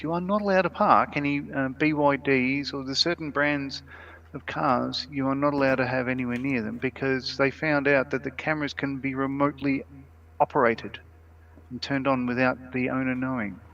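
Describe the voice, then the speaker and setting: Gravelly male co-host, casual and laughing, reads chat aloud; muffled lo-fi stream audio. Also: medium pitch, moderate pace, fairly bright tone. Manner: chatty, laughs often, reads comments aloud.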